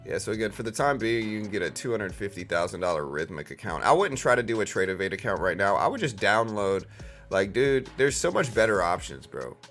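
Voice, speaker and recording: A man hosts a live trading stream, talking loosely and filling gaps with "like" and "you know." His voice sits very low. Faint music plays behind him. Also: sing-song, fairly quick, a bit bright. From South Louisiana. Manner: rambling, filler-heavy, calls viewers bro and dude. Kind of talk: casual live-stream chat.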